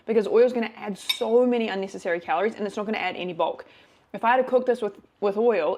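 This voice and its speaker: A woman's voice: mid-range voice, darkish tone. A woman talking casually through a home cooking vlog, chatty and upbeat with a self-teasing streak. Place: home kitchen.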